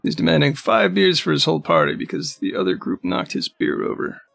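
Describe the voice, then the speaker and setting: A man narrating as game master of a tabletop game, with halting, filler-heavy speech. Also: fairly high pitch, huge pitch swings, gravelly, a bit bright, no echo.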